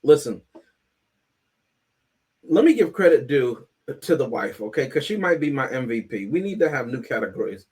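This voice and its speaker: A man's voice: medium pitch, big pitch swings, normal speed, long pauses, darkish tone, breathy edge. A man hosting a casual movie review podcast. He talks in a playful, emphatic way. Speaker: podcast host.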